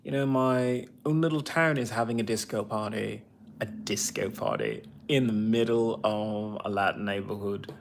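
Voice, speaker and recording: A man's voice: on the low side, fairly even intonation, moderate pace, vocal fry, a little hiss or hum. A man talking on a livestream, rambling bitterly and swearing often while answering viewers' comments. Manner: rambling, bitter and profane ranting. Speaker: veteran livestreamer. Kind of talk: casual livestream monologue.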